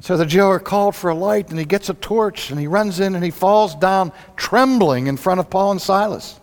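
A man preaching a sermon, telling the story dramatically, swinging from loud outbursts to hushed lows. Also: moderate pace. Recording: long hall reverb.

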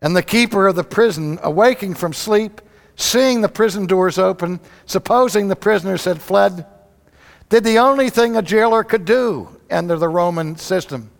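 A man preaching a sermon, telling the story dramatically, swinging from loud outbursts to hushed lows. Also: moderate pace, creaky. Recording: long hall reverb.

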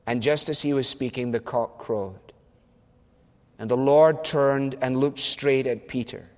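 A man preaching a sermon in an earnest, emphatic manner, repeating phrases and slowing down on key words. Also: mid-range voice, big-room sound.

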